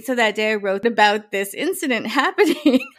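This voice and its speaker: A woman's voice: fairly high pitch, expressive, moderate pace. A woman in her forties, a guest on a podcast, telling a funny story in casual chat and acting out the voices she quotes.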